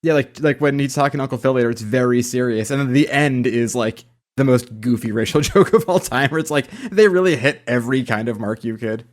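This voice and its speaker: Man, podcast co-host, average pitch, loose jokey banter, casual swearing. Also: a little fast. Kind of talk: casual chat.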